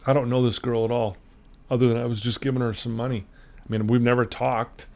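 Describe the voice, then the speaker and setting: A man's voice: medium pitch, brisk. A middle-aged man, a podcast guest, telling a personal story in a casual interview and acting out the voices of the people in it. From Utah, USA. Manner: animated storyteller, acts out quoted voices.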